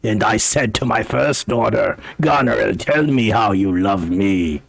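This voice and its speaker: A man's voice: fairly low pitch, measured pace, creaky, pitched below the performer's own voice. A man voicing a mad old male dwarf who believes he is a king, speaking in archaic, theatrical lament.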